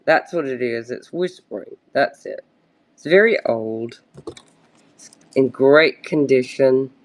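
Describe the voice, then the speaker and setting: On a live stream, a woman pitches vintage brooches in a relaxed, halting way, frequently stopping to hunt for the right words.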